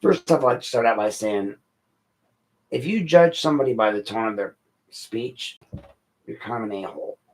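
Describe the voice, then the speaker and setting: A middle-aged man talks straight to his listeners in an unplanned late-night podcast, blunt and worked up. His voice sits fairly low. He rants about what bothers him without holding back. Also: expressive, normal speed, long pauses, rough recording. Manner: blunt, ranting, frustrated. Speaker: podcast host. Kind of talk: unscripted late-night monologue.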